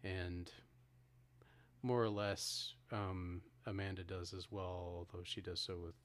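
A deep-voiced man co-hosting a podcast speaks slowly with little pitch movement and a fairly bright tone. In casual film talk, he retells a movie's ending, restarting often and acting out quotes.

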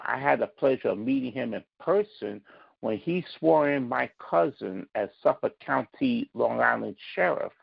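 A man, a podcast guest, giving measured political opinions with sarcastic asides, on dull lo-fi audio. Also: medium pitch, vocal fry, husky, no echo. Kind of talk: casual political discussion.

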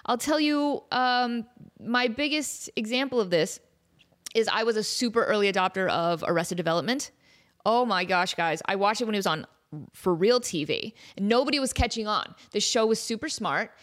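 A woman in her thirties hosting a comedy podcast, talking in a chatty, animated way and slipping into silly voices. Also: mid-range voice, moderate pace. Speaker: podcast host. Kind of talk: casual comedic monologue.

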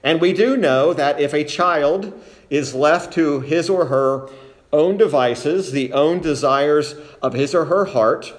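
A man preaching a sermon to a congregation, speaking deliberately and stressing key words one by one. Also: a little high. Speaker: pastor.

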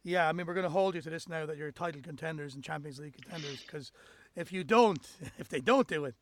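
A man's voice: on the high side, fast talker. A man hosting a football podcast, chatting casually with fillers and steering the show to its close. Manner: relaxed, fillers, wraps up the show. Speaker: podcast host.

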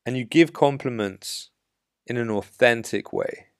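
A man's voice: mid-range voice, measured pace, dry recording, clean studio sound. A man hosting a podcast, giving blunt, assertive dating advice in an emphatic monologue. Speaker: dating coach podcast host.

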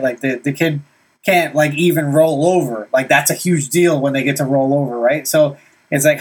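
A man's voice: a little high, slightly rough. A young man telling a story about his son in casual, rambling talk, full of "like" and "right?". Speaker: vlogger dad.

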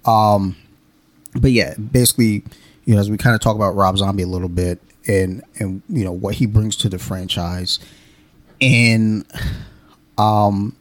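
Low-voiced rambling podcast host man. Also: fairly even intonation, unhurried, dry recording. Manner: rambling, profane and joking, many fillers. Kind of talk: casual chat.

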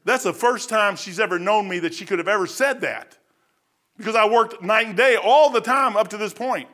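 A middle-aged man preaching a sermon, telling a personal story and moving between hushed asides and excited outbursts. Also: high-pitched, moderate pace. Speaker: pastor.

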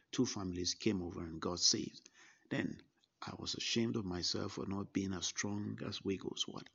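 A man reading a first-person narration in a measured way, with small slips and restarts. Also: fairly low pitch, gravelly, slightly rough, highs cut off. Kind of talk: scripted narration.

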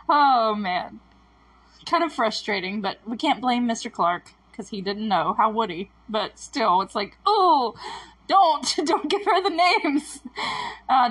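A woman's voice: mid-range voice, a bit bright, slightly rough, rough recording. A woman hosting a casual podcast, recapping a show episode in a chatty, exasperated way, laughing often and going off on tangents. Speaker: podcast host.

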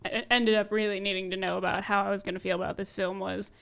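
A woman on a casual film podcast, retelling a scene in disbelief. Her voice is bright and smooth, with a clean, resonant tone. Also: medium pitch, flat delivery, fast talker. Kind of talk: casual movie review chat.

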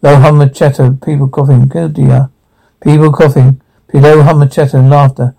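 A man's voice: medium pitch, level tone, normal speed, vocal fry, dark tone, rough recording. A man reading out short sound cues in a terse, clipped manner.

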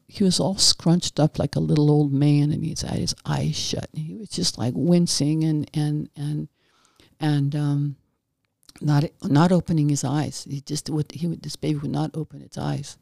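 Gravelly, mellow-voiced woman telling stories. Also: sits low, no echo, studio quality. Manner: meandering, frequent restarts and self-corrections; gentle, folksy and reassuring. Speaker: podcast host and former midwife. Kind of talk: casual podcast monologue with anecdotes.

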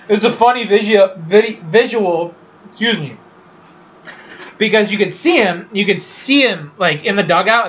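In a dull lo-fi recording, a man whose voice sits high with a fairly bright tone runs a laid-back solo sports show. He swears and wanders from pick to opinion in a profane, rambling manner.

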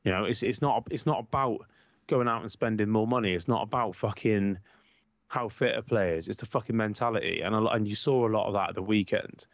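On a football podcast, this co-host and fan talks fairly quickly in a low-leaning male voice, swearing nonstop as he rants bluntly through heated, casual conversation. The audio is dry, lo-fi and a little muffled.

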